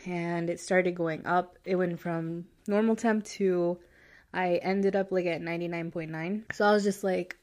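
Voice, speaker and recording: A woman's voice: mid-range voice, darkish tone. Stuffy-nosed young woman, chatty host. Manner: chatty, laughs often, mixes in Spanish words. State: stuffy nose from a sinus infection. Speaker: podcast host. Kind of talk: casual chat.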